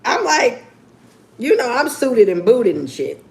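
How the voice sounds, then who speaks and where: A woman chatting casually on a livestream, candid and profane, with lively swings in her voice. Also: medium pitch, unhurried, vocal fry, long pauses, a little hiss or hum. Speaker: YouTuber.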